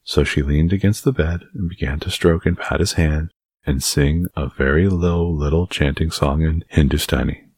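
A man reading a novel aloud as an audiobook narrator, in a calm, measured way. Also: a bass voice, breathy edge, dry recording, clean studio sound. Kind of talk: scripted narration.

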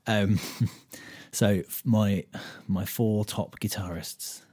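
A British man with a low, dark, slightly husky voice talks through a guitar lesson on his own podcast. He is relaxed and unscripted, thinks out loud with plenty of ums, and counts beats aloud as he goes. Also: slow pace. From United Kingdom. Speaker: podcast host and guitar teacher. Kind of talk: casual solo podcast lesson.

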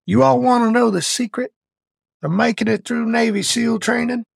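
A man's voice: extremely high pitch, fairly even intonation, moderate pace, vocal fry, dry recording, clean studio sound, pitched above the performer's own voice, exaggerated voice. A man voicing a tough older Navy SEAL instructor who talks in a blunt, drawling way. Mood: challenging.

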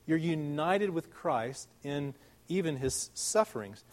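Earnest male preacher, slightly high voice. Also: expressive. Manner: earnest, emphatic, with swings between loud stresses and soft, drawn-out words; conversational asides, rhetorical questions. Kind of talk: sermon.

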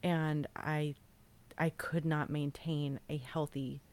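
A woman's voice: sits low, little pitch movement, takes it slowly, a little mellow. A woman co-hosting a podcast, chatting casually and talkative, often correcting herself mid-sentence. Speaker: podcast co-host. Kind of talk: casual chat. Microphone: remote recording platform.

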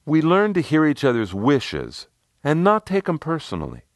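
A man's voice: a little high, wildly swooping pitch, normal speed, dry recording, studio quality, voice pushed up. A man doing an easygoing tall team guy. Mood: explaining.

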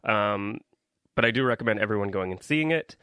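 Rambling young man, smooth voice. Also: fairly low pitch, expressive, a little fast, sharp tone, dry recording. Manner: rambling, frequent ums and likes, complaining. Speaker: podcast host. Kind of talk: casual solo podcast movie review.

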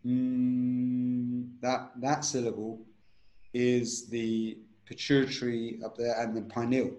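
A man's voice: medium pitch, little pitch movement, unhurried, a little mellow, echoey room. A man teaching a breathing technique in an interview, instructive and repetitive, often checking in with "right?".

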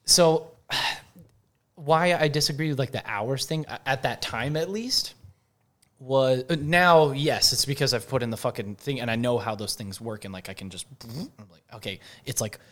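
A man's voice: medium pitch, moderate pace. A young man, a firearms instructor, telling stories in a casual podcast chat, swearing freely and laughing. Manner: profane, animated storytelling with swearing and laughter. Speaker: firearms instructor and company co-founder.

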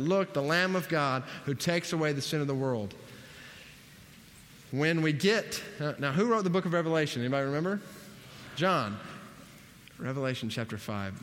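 A man's voice: mid-range voice, a bit bright. A man preaching a sermon, emphatic and repeating key phrases, putting questions to his audience and answering them himself. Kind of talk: sermon Bible teaching. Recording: long reverb of a large hall.

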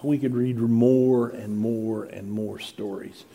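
A man's voice: medium pitch, fairly even intonation, slow, vocal fry, warm tone. A middle-aged male pastor reading scripture dramatically and preaching with rising emphasis. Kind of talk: sermon.

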